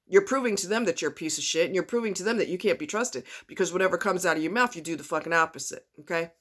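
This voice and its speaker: A vlogger rants angrily into her camera, blunt and profane, repeating herself for emphasis. Her voice is fairly low, animated, quick, and a bit bright.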